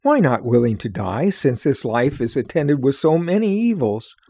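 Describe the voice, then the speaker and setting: A man's voice: medium pitch, big pitch swings, mellow. A man reading aloud, voicing a grave male guide who speaks solemnly in old-fashioned speech. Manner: solemn, measured, archaic speech.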